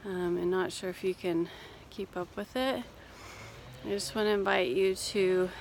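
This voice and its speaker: Woman coach, casual walking vlog, unhurried and soothing, slight fry, phone mic outdoors. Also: mid-range voice, slight background noise. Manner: gentle, reassuring, unhurried. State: a little out of breath. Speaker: life coach and therapist. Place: outdoors on a cold hill walk.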